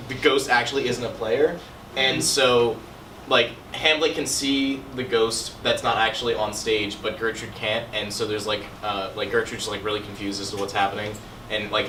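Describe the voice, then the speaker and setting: A teenage male student pitching an idea, rambling with lots of "like" and "um". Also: flat delivery, normal speed. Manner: rambling, heavy on "like" and "um". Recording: echoey classroom, distant mic, hiss.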